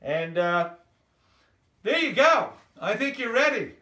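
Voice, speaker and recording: An older man doing a hammy, deliberately bad English accent, high and bright in tone. He chats along with plenty of fillers as he demonstrates something at home. The sound is echoey and comes from a little way off the mic. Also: very animated, distant mic, heavily acted. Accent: put-on bad English accent. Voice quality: hammy, chatty, filler-heavy. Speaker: drummer. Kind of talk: jokey home demo video.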